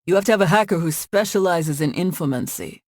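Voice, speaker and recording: A woman's voice: lowish voice, brisk, no echo, studio quality, close to an everyday voice. A woman voicing an easygoing, joking middle-aged man who runs a tech company, in an audiobook.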